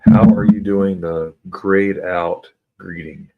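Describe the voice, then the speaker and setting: An American man hosting a casual livestream chat, reading viewer comments aloud and slowly sounding out German words. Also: low-pitched, steady tone, phone-quality sound. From United States. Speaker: livestream host. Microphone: computer mic for a livestream.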